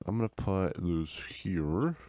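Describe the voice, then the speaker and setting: A man's voice: low-pitched, animated, slow, warm tone, no room sound. A man streaming a game, chatting casually and easygoing, answering his chat with frequent laughs.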